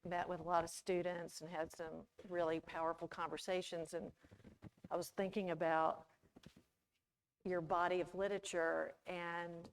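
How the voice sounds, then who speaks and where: A woman's voice: lowish voice, little pitch movement, normal speed, slight background noise. An older woman interviewing a guest in a public conversation, prompting with questions. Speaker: interviewer, professor.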